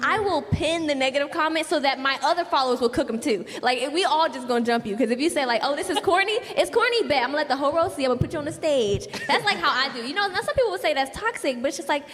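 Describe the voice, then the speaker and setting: High-voiced playful woman creator. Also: expressive, fast talker, few pauses, a bit bright. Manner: playful, laughing, slangy. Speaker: content creator panelist. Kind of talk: live panel talk. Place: large event hall. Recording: hall reverb, faint noise.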